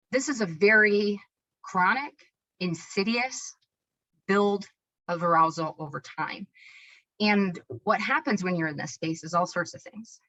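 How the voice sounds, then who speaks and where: Energetic woman presenting a webinar, lo-fi audio. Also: medium pitch. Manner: energetic, self-described hyperactive, many tag questions and restarts. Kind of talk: explanatory webinar talk.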